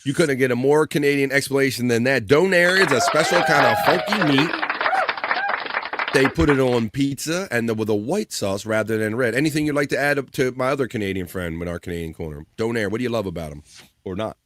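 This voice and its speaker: A man's voice: medium pitch, brisk, background noise. A man hosting a long live stream in a chatty radio style, reading out viewer check-ins.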